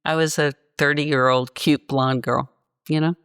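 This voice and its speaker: A woman in her sixties with a low voice talks in a podcast interview. She tells her stories bluntly and with passion. The sound is dry and close, with no room around it. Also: unhurried, clean tone, dry recording. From Virginia, US. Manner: passionate, blunt, animated storytelling. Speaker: guest.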